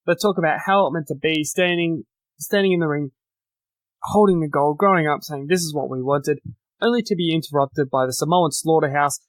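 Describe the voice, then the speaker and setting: A man's voice: on the high side, fairly quick, no echo. A man hosting a solo podcast, giving a chatty, opinionated recap of the week's wrestling shows. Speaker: podcast host.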